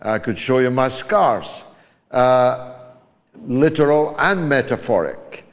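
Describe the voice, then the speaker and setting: An older man hosting a call-in talk show, speaking slowly and deliberately with frequent pauses. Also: medium pitch, lively intonation, in a large hall.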